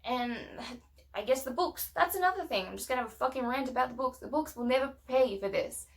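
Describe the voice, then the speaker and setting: A woman's voice: sits high, animated, fast, creaky. A young woman venting in a casual rant to camera, blunt and swearing often, emphatic and heated. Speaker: vlogger.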